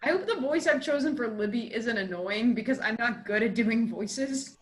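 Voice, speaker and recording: A woman chatting on a casual podcast, with a voice pitched a bit above average. She rambles along with plenty of fillers in a loose, friendly way. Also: lively intonation, normal speed. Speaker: podcast guest and tabletop player.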